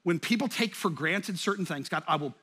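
A middle-aged man preaching a sermon, with a bright, forceful tone set a little higher than most men. His delivery is animated, and he swells louder and higher whenever he drives a point home. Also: brisk, breathy edge. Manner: animated, swells loud and high for emphasis. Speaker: pastor.

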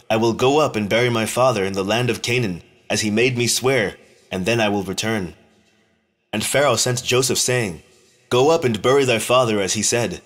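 A man reading an old religious text aloud in a slow, measured, solemn manner, with deliberate phrasing. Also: lowish voice, fairly bright tone. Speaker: scripture reader.

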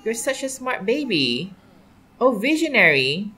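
A woman's voice: mid-range voice, animated, unhurried, bright, forceful tone. A young adult woman hosting a casual gameplay commentary, gushing and exclaiming often. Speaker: gaming channel host. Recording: faint background music.

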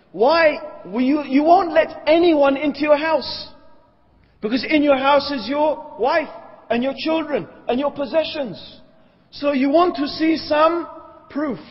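A man giving a religious lecture, arguing emphatically point by point and asking the audience rhetorical questions. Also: extremely high pitch. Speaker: Islamic lecturer. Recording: echoey hall, dull lo-fi sound.

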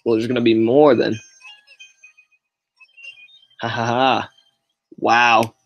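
A man's voice: mid-range voice, little pitch movement, slow pace, gravelly, dull audio, soft background music. A man giving casual running commentary while playing a racing game on a livestream, reacting with exclamations and short laughs. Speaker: gameplay livestreamer.

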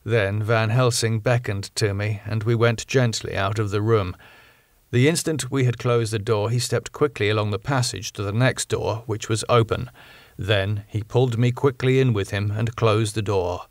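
A man narrating a classic novel in a measured, clear storytelling manner. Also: fairly low pitch, fairly even intonation, dry recording, studio quality. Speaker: audiobook narrator. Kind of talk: scripted narration.

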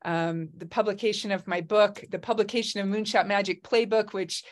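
A woman's voice: medium pitch, fairly even intonation, moderate pace. Effusive middle-aged woman host. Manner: effusive, emotional, laughs often. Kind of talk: casual chat. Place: home in Hawaii. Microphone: video call.

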